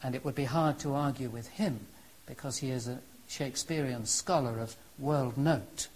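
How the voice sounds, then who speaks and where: A man's voice: mid-range voice, moderate pace, darkish tone, rough recording. A man giving a historical lecture, telling the story earnestly and with emphasis. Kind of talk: historical lecture with dramatic readings.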